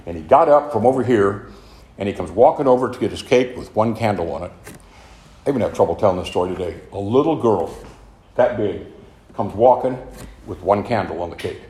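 A man's voice: fairly low pitch, darkish tone. An older man telling his own story at a recovery meeting, earnest and rambling. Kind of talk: personal testimony talk. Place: meeting room of a club. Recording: echoey room, faint noise.

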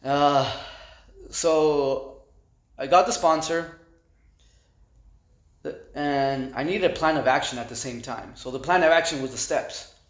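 A man giving personal testimony at a recovery meeting, halting and repeating words with conversational fillers. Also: a little high. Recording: echoey room.

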